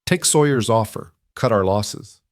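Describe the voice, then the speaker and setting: A man's voice: lowish voice, animated, unhurried, no room sound, clean studio sound. A man voicing a weary, determined young ranch wife who speaks frankly and practically. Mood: earnest.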